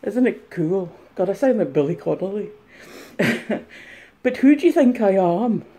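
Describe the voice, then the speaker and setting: A woman's voice: mid-range voice, expressive, unhurried, warm tone, close to an everyday voice. A woman putting on a cheerful, chatty bearded male reseller for a comic vlog skit, recorded on a mobile phone. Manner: chatty, jolly, addresses viewers.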